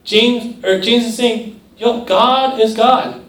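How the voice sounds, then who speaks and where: A man's voice: extremely high pitch, slow pace, fairly bright tone. A young man preaching a conversational sermon to a youth group, often checking in with "right?" and briefly mimicking other voices. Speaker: youth pastor. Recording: echoey room, mic at a distance.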